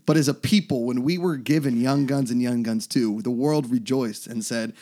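A man's voice: mid-range voice, normal speed, warm tone. A man co-hosting a podcast who breaks into mock-grand comic rants. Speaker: podcast co-host. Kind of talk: casual comedic chat.

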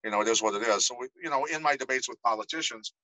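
Animated, bright-voiced middle-aged man telling stories. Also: medium pitch, rapid-fire, dry recording, rough recording. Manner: animated storyteller, acts out quoted voices. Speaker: podcast guest, former fighter. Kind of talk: casual storytelling interview.

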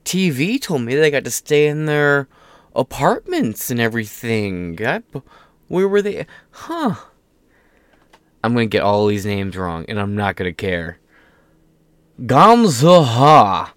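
A young man with a lowish voice hosts a loose online commentary show, reading news off the screen and wandering into profane, offhand asides. His voice sits close and dry, with almost no room sound around it. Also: dry recording. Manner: rambling, off-the-cuff and profane, with asides. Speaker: political commentary host.

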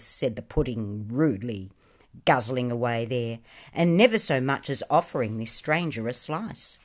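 A woman reading a storybook aloud with expressive, lively narration. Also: very deep voice, unhurried. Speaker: reader.

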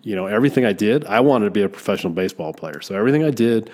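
Podcast host, male, lowish voice, earnest and reflective, casual chat with restarts. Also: expressive, rapid-fire, darkish tone. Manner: earnest, reflective, with frequent restarts and verbal fillers. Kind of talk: casual conversational interview.

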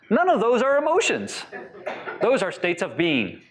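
Man speaking to a crowd, slightly raised pitch, conversational, asks questions, acts out quotes. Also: big pitch swings, a little fast. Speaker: speaker teaching on attachment styles. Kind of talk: talk to a live audience.

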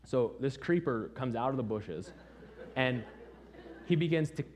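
A young adult man preaching, telling a personal story with lively acted-out quotes before moving into teaching. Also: mid-range voice, measured pace. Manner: animated storyteller acting out quoted voices.

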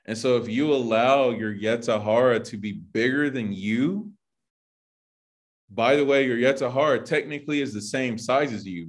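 A man preaching an informal sermon to his congregation. He talks loosely and conversationally, leaning on "like" and "you know" as he works through a passage. His voice sits at an ordinary middle pitch for a man. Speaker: Bible teacher.

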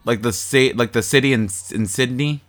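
A podcast co-host with an everyday medium-pitched voice talks through a movie plot in loose, casual chat at a moderate pace. Animated and profane, he swears freely and mocks the characters, and the recording is very noisy.

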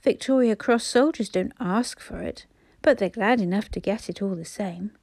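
A woman's voice: medium pitch, normal speed, creaky, darkish tone, no echo. A woman voicing a blunt, cocky young boy in a storybook. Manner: blunt, downright.

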